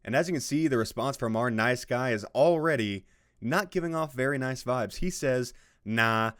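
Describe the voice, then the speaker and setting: A man's voice: mid-range voice, animated, normal speed. A man giving casual, sarcastic commentary on a post he is reading, swearing freely and laughing at his own jokes. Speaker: video host reacting to a social media post.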